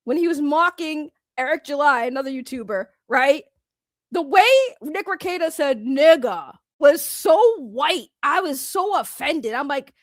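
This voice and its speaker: A woman doing casual reaction commentary in a high, bouncy voice that swings all over. She talks bluntly with slang and breaks into frequent laughter. The sound is dry and close. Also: expressive, unhurried, no room sound. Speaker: reaction streamer.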